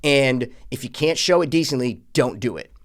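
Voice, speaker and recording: A man co-hosting a film review podcast in loose, profane rant mode. He talks at a middling pitch and piles on sarcasm, breaking into mocking voices of the characters. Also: moderate pace. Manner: profane, animated ranting with mocking impressions. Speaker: podcast co-host.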